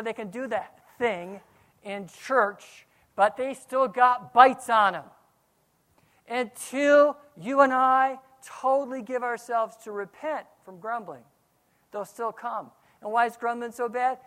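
A man, a pastor, preaching a sermon, swinging from quiet asides to loud outbursts. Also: very high voice, moderate pace.

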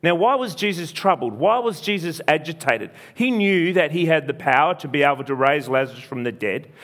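A male preacher with a voice on the high side and a fairly bright tone retells a story during a sermon. He speaks earnestly, repeating phrases and restarting often.

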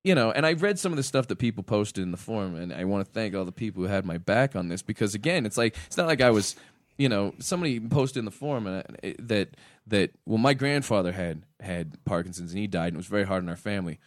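A man's voice: lowish voice, fast talker, dry recording. A young adult man, a stand-up comedian, casually telling a story on a podcast and acting out the people in it. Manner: animated, acts out the people in his stories.

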